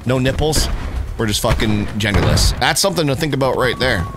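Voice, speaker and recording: A man streaming a shooter game, swearing and teasing a friend in loud, excitable running commentary. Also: medium pitch, brisk. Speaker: gaming streamer. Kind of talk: casual gameplay commentary. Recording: game audio and music behind.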